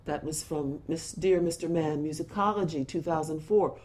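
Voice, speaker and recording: A woman giving an impassioned spoken address, earnest and deliberate, pausing often and restarting phrases. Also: low voice, a little mellow.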